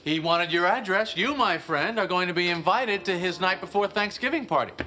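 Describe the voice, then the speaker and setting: A man's voice: sits high, lively intonation, brisk, pushed and bright, a little hiss or hum. An actor in a sitcom playing a wry, sarcastic man with an observational, joking delivery. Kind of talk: sitcom acting. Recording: studio audience laughter.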